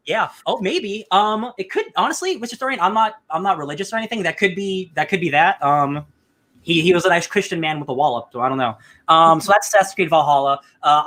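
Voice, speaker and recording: Guy cohosting a podcast, chatty and animated, jumps into little character voices when telling stories. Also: on the high side. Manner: animated storytelling, acts out game characters in quick bits. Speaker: podcast co-host. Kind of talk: casual chat.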